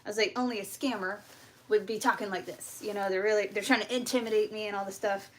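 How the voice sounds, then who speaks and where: A young woman hosting a homestead livestream, telling a story in a casual, animated way, swearing and acting out the exchanges. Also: mid-range voice, quick pace, a little hiss or hum. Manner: animated, profane, acts out quoted exchanges. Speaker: homestead channel host.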